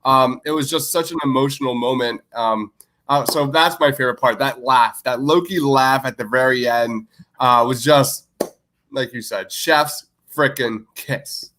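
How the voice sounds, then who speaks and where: A man's voice: mid-range voice, unhurried, fairly bright tone. A man co-hosting a podcast in casual chat, enthusiastic and full of filler words. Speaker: podcast co-host.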